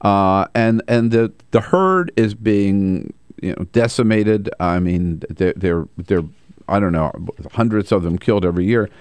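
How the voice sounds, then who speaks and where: An American man hosting a political talk show, wry and animated, laughing easily between points. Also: on the low side, unhurried, clean tone, no echo.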